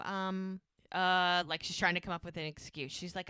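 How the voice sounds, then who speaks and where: A woman co-hosting a podcast, casually recapping a TV episode and acting out the characters' lines in quick voices. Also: fairly low pitch, steady tone, bright, forceful tone, smooth, no echo. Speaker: podcast co-host.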